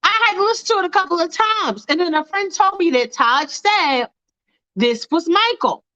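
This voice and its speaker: The same kind of casual livestream rant comes from a woman with a very high, sharp voice, lively intonation, and a moderate pace. Hosting a fan livestream, she addresses her chat bluntly, profanely, and fired-up. The lo-fi audio carries no room sound.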